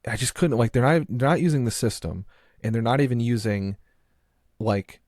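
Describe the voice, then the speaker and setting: A man's voice: mid-range voice, normal speed, a little mellow, dry recording, studio quality. A man hosting a podcast in casual chat, rambling and restarting with lots of filler words. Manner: rambling, heavy use of filler "like", trailing restarts. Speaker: podcast host.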